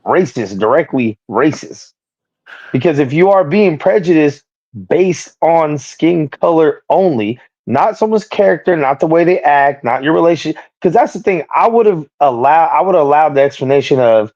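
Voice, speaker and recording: This man co-hosts a livestreamed boxing show and launches into a heated, profane rant about a feud, raising his voice to quote others. He sounds on the high side and a little mellow, at a moderate pace. The recording is muffled and dry, with no room sound.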